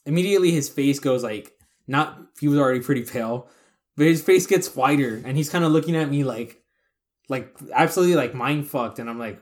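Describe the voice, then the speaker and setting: A man's voice: on the high side, brisk. Profane rambling man telling a story. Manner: profane, rambling, acts out quoted voices. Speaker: podcast co-host. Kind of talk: casual storytelling chat.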